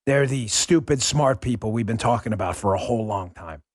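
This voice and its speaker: A man's voice: lowish voice, fairly quick, no room sound, studio quality. A man hosting a political commentary show, talking in a combative, ranting and mocking way. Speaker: host.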